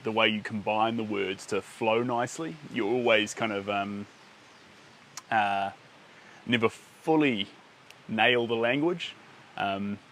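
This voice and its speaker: A man's voice: on the low side, fairly bright tone, a little hiss or hum. A man chatting casually with his viewers during a live art stream, rambling and playful, often chuckling. He is recording outdoors under a shelter by a lake.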